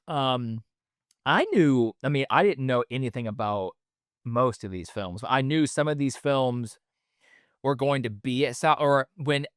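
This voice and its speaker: A man's voice: medium pitch, no room sound, clean studio sound. A man hosting a solo podcast in a casual, rambling way, with lots of fillers and the odd swear word. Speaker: podcast host.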